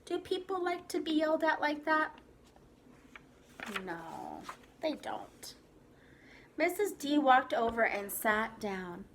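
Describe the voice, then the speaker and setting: A woman teacher reads a children's picture book aloud to her class. Her voice is high and highly animated, and she stops now and then to ask the little ones questions. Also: takes it slowly, pauses often, slight background noise. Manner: expressive, asks the children questions. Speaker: preschool teacher. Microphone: video recording for a class.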